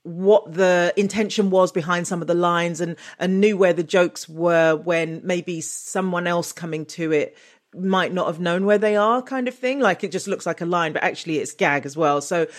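A woman's voice: on the low side, normal speed. Chatty, laughing woman guest. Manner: chatty, laughs often, restarts. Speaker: guest author and comedian. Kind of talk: casual interview chat.

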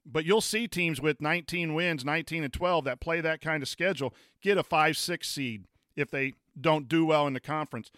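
Bright, crisp-voiced man talking basketball. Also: fairly high pitch, normal speed, hardly any pauses, dry recording, studio quality. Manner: rambling, filler-heavy, restarts often; reads chat comments aloud. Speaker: podcast co-host, former coach. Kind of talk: casual sports chat.

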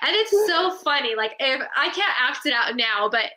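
A woman's voice: high-pitched, expressive, normal speed, bright, forceful tone. A woman co-hosting a podcast, retelling scenes in casual chat and laughing as she goes. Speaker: podcast co-host.

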